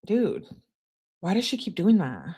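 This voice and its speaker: A woman's voice: medium pitch, huge pitch swings, measured pace, mellow, breathy edge. A young woman reading a couple's text messages aloud and breaking off with blunt, scornful asides as a true crime commentator.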